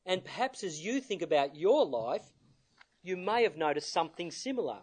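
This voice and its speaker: A man preaching a sermon, earnest and measured, stressing his points through repetition and sometimes restarting with fillers. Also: high-pitched, big pitch swings, darkish tone, breathy edge.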